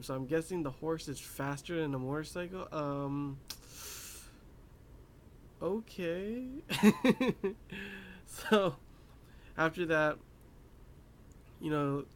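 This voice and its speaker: Young guy rambling through an anime recap, lots of you knows, a bit of hiss behind. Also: on the high side. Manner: rambling, many fillers, laughs at his own asides. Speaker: anime reviewer. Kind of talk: casual episode recap.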